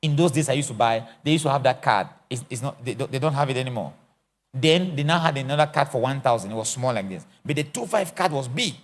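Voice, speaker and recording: A man's voice: medium pitch, quick pace. A middle-aged man from Africa, an apostle teaching a church session in a theatrical, joking way. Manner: animated, theatrical, acts out scenes and jokes. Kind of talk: lively teaching sermon.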